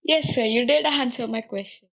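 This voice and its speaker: A woman politely puts a question to a guest speaker, with a gravelly, creaky edge and a breathy, husky tone. The audio is muffled and lo-fi. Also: on the high side, moderate pace.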